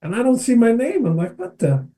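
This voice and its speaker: A middle-aged man, an educator and speaker, telling a story as an animated podcast guest who keeps checking in with his listener. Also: very high-pitched, fast. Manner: energetic, keeps checking in with "right?" and addresses the host by name.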